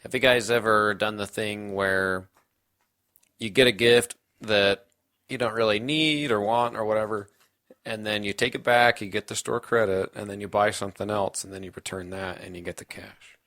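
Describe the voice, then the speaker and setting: A man's voice: lowish voice, fairly even intonation, moderate pace, fairly bright tone. A man co-hosting a podcast in a laid-back, agreeable way during casual chat. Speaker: podcast co-host.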